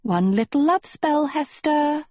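A woman's voice: sits high, animated, slow pace, a little mellow, no room sound, pitched above the performer's own voice. A woman voicing a pampered, vain young girl who whines and insists in a sing-song way. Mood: petulant. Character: high-pitched pampered vain girl, petulant.

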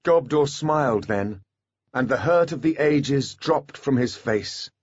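A man narrating an audiobook in a scripted, expressive storytelling manner. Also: mid-range voice, slow pace, slightly rough, dry recording, dull audio.

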